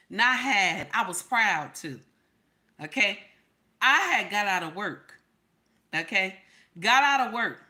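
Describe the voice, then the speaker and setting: A woman vlogger telling a personal story with animation, acting out quotes in loud bursts and using casual vernacular. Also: mid-range voice. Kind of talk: storytelling commentary.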